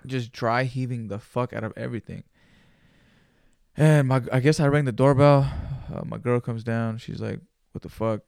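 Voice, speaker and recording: Gravelly, laid-back young man. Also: mid-range voice, darkish tone, no echo, clean studio sound. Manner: loose and profane, laid-back slang. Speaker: podcast host. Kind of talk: solo casual storytelling.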